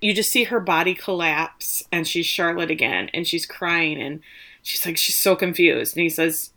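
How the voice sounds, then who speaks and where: A woman's voice: fairly low pitch, moderate pace, sharp tone. A woman co-hosting a podcast, chatting through a scene recap with asides. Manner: chatty, thinking aloud with asides. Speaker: podcast co-host. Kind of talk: casual recap chat.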